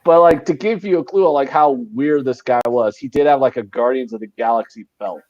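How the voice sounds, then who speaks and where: A man's voice: mid-range voice, fairly quick, lo-fi sound. A man hosting a sports betting live stream, telling stories in casual, profane banter. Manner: profane, animated storytelling. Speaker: sports betting show host.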